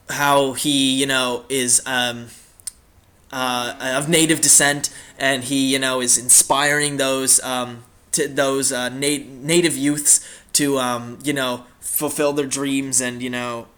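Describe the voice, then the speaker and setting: Young guy hosting a hockey game series, chatty, lots of fillers, cusses when excited. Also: mid-range voice, slow pace. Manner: rambling, many fillers, swears when excited. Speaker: gaming channel host. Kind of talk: casual gameplay commentary.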